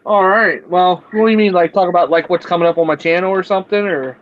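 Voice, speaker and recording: A man chatting casually as a guest on a live stream, loose and halting. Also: high voice, no room sound, muffled recording. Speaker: guest reviewer.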